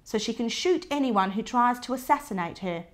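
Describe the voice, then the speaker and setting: A woman's voice: a little high, lively intonation, moderate pace, voice pushed up, lightly acted. A woman voicing a playful, imaginative young child who narrates a read-aloud storybook.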